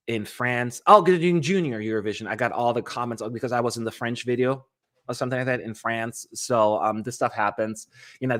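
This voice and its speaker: A man hosts a casual livestream, talking straight to his viewers. His pitch sits in the middle range. He rambles through his thoughts and his voice jumps up high in sudden animated bursts. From California. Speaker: host of a fan channel livestream.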